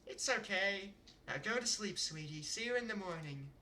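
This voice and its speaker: A man voicing a gentle, caring mother of a teenager in a soft, soothing tone, while reading a visual novel aloud. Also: high voice, expressive, normal speed, slight background noise, full character voice.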